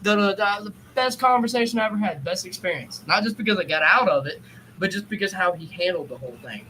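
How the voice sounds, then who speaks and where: Bright, high-voiced man telling stories. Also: fast, a little hiss or hum, low-quality recording. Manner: animated, profane, acts out quotes. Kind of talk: casual storytelling chat.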